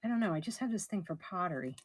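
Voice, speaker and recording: A middle-aged woman running a casual live auction, chatty and somewhat hoarse as she loses her voice. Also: on the low side, lively intonation, very fast. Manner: chatty, describes items warmly with soft laughs. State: losing her voice. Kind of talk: casual live-stream selling.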